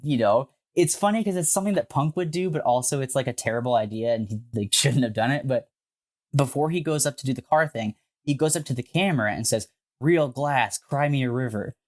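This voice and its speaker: A man co-hosting a podcast, telling a story in a casual, animated way with frequent swearing and filler words. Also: medium pitch, fast talker. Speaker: podcast co-host.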